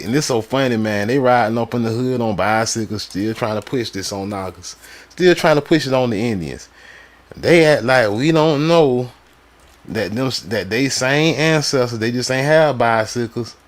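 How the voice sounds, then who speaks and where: A man live streaming, reading sources aloud and breaking off into loose, slangy, mocking commentary. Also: mid-range voice. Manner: loose slangy talk, quick to laugh and mock.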